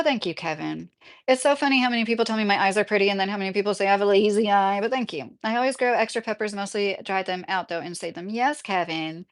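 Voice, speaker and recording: A woman in her thirties chatting casually as a vlogger, rambling with many fillers while reading viewer comments aloud. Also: mid-range voice. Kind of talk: casual chat.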